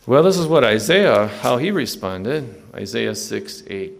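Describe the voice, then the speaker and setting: A man preaching a sermon with emphatic rising appeals, then praying quietly. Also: medium pitch, very animated, a little slow, creaky, few pauses. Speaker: pastor. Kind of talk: sermon closing in prayer.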